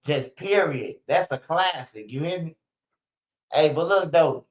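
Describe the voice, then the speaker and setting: Over dull, lo-fi stream audio, a young man with a voice on the high side rants unhurriedly to his viewers, using loose, profane street slang and repeating himself often.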